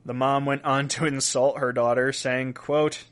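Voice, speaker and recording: A man's voice: mid-range voice, steady tone, measured pace, hardly any pauses. A young adult man hosting a casual weird-news podcast, reading quotes aloud and chuckling between stories. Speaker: podcast host.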